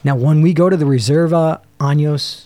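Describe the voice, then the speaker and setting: Man, podcast co-host, excitable, trails off mid-thought, fairly high voice, dry close sound. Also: moderate pace, no echo. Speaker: podcast co-host reviewing cigars. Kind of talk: casual chat.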